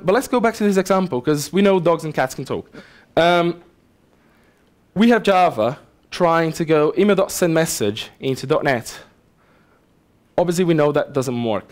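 A man giving a casual, lively technical talk at a conference, often checking in with the audience. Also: on the high side. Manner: casual, animated explaining with asides to the audience. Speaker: conference speaker. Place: conference hall.

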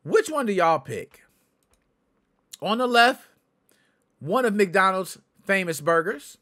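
A male podcast host talking casually to his viewers in a fairly high voice. His pitch swings widely and his manner is chatty and lively. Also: takes it slowly. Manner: chatty, addresses viewers directly, answers chat. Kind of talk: casual livestream chat.

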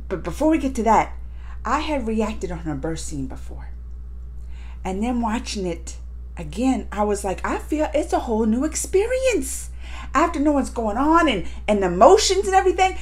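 A woman hosting a reaction video, chatting casually and emotionally while talking back to the screen. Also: mid-range voice. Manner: chatty and colloquial.

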